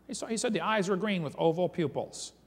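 A man giving a creation seminar speaks fairly quickly in a high, slightly rough voice, animatedly storytelling and emphasizing eyewitness quotes as he reads them. Long reverb from a large hall or church surrounds his speech.

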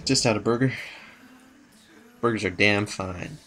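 A man's voice: lowish voice, unhurried, pauses often, pushed and bright, soft background music. A young man rambling casually as he comments on his own gameplay. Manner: rambling, mumbling, playful asides. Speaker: gaming channel host.

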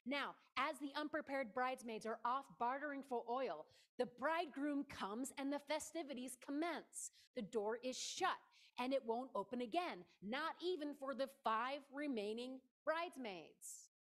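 A woman delivers a sermon in a church in a relaxed, conversational way. Her voice sits a little high, and she is playful and emphatic, often turning aside to address her listeners directly. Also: a little slow. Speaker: preacher.

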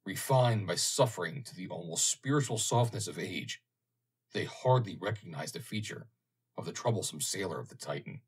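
A man reading an audiobook, narrating in a measured, expressive way. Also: low-pitched, husky.

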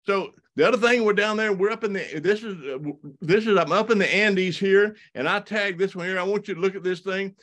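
Southern man, slightly high voice, folksy presenter who tells stories and stumbles over his words for a live audience. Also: fairly quick, few pauses. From South Alabama and North Florida. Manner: folksy, animated, many restarts and repeated words. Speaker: wildlife photographer giving a talk. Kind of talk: storytelling slide presentation.

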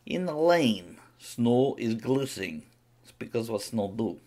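A man playing a boastful, vodka-loving Russian from Siberia, speaking broken English with a Russian accent in rambling deadpan jokes. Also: mid-range voice, a little slow. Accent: Russian, put on. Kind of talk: comedic character monologue on a live stream.

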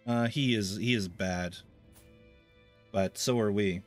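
A man's voice: fairly low pitch, takes it slowly, soft background music. A man hosting a strategy game let's play, making wry, rambling commentary full of fillers and asides. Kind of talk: casual gameplay commentary.

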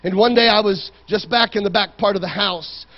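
A male pastor preaching a fervent sermon in a church, swinging from loud shouting to quiet storytelling. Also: sits high, fairly quick, lo-fi sound. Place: church sanctuary.

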